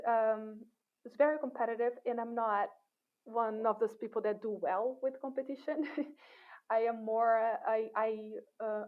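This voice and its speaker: A woman academic being interviewed, talking in a thoughtful, relaxed way with many fillers and restarts. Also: medium pitch. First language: not English. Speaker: assistant professor, guest. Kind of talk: casual interview talk. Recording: tinny phone-like line.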